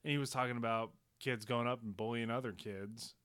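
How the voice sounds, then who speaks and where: A man's voice: mid-range voice, fairly even intonation, brisk, fairly bright tone, clean tone, no echo, studio quality. A man hosting a casual podcast chat, talking bluntly and crudely with wry asides. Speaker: podcast host.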